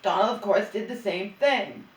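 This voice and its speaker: This middle-aged woman vents in a heated, swearing ramble, doubling back and restarting her sentences. Her voice sits at an ordinary pitch for a woman. It echoes around a room, picked up from some distance off the mic. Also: normal speed. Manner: agitated, profane, rambling with restarts. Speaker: vlogger. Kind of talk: emotional venting monologue.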